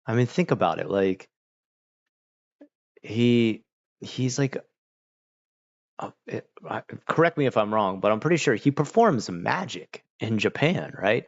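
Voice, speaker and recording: An Australian man streaming, telling stories in a loose, rambling way, full of "like" and quick restarts. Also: fairly low pitch, animated, gravelly, muffled recording. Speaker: livestreamer. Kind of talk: casual chat.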